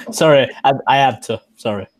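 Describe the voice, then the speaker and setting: A man appearing as a guest on a livestream, giggly and self-deprecating in casual chat. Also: medium pitch.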